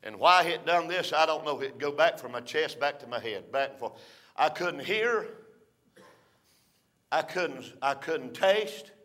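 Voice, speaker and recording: An older man preaching a folksy storytelling sermon, rising to shouts between drawn-out "uh" phrases. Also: a little high, animated.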